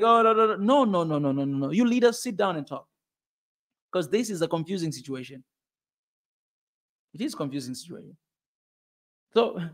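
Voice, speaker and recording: A man with a Tanzanian accent giving a passionate, emphatic opinion monologue as a channel host. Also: a little high. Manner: passionate and emphatic, repeats points.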